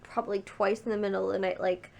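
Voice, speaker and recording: A woman's voice: medium pitch, level tone, quick pace, creaky, darkish tone. A young woman from the Chicago area, a vlogger, chatting casually at home with a rambling, chatty manner. She is sick, with a congested, stuffy voice. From Chicago area, USA. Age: young adult. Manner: rambling, chatty, frequent trailing-off restarts. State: congested, sick with a sore throat. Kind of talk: casual vlog chat.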